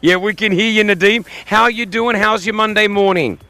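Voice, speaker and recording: High-voiced jokey man hosting radio. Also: fairly even intonation, sharp tone, no room sound. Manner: chatty, jokey, quick with puns. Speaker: radio breakfast show host. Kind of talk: casual radio banter and quiz hosting. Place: radio broadcast set up in a museum.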